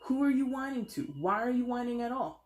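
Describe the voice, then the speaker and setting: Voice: medium pitch, brisk. Tarot reader doing the tough love thing, blunt, sarcastic, echoey room. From United States. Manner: sarcastic, mimics whiners. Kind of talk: tarot reading video.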